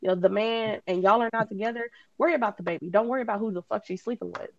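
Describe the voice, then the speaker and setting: A woman's voice: medium pitch, rapid-fire, lo-fi sound. A woman frankly pushing back and swearing in a casual podcast debate. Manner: frank, pushes back, profane.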